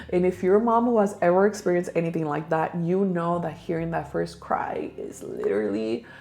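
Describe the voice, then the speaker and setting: A woman's voice: fairly low pitch, warm tone. A young woman vlogger telling a personal story to her viewers in a chatty way, calling them "girl" and "you guys" and slipping into Spanish phrases. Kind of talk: casual storytelling to camera.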